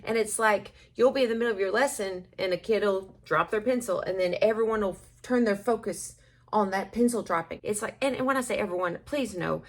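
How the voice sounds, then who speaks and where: A woman's voice: mid-range voice, brisk. A woman teacher chatting at home while getting ready, rambling and self-deprecating with occasional laughs. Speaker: schoolteacher. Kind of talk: casual get-ready-with-me chat.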